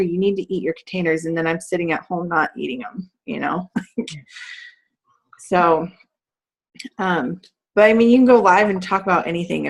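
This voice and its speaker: A woman in her thirties, a fitness team coach, chatting casually on a team call with many fillers and laughs. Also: lowish voice.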